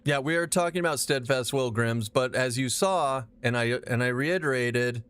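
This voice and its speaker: A man's voice: mid-range voice, normal speed, clean tone. A man streaming a game live, chatting casually with his chat, rambling and swearing as he plays. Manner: profane, animated, rambling.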